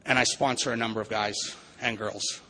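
Brief: a man with a bright voice giving an earnest, evangelical-style recovery talk. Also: lowish voice, fairly even intonation, a little fast, low-quality recording. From Vancouver area, Canada. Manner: earnest, preacherly, repetitive. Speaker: recovery meeting speaker. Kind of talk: recovery testimony speech.

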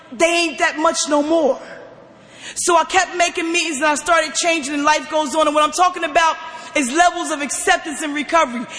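A woman giving an emphatic personal testimony at a recovery meeting, often pushing her voice close to a shout. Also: very high voice. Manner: emphatic, often near-shouting, animated storytelling. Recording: long hall reverb.

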